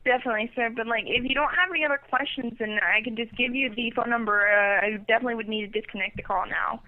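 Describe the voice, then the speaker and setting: A woman with a somewhat high voice answers as a customer service agent. She is polite but hesitant and keeps falling back on stock phrases. She comes through a muffled, dull phone line. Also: steady tone, fast. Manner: polite, hesitant, repeats "definitely, sir". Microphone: telephone.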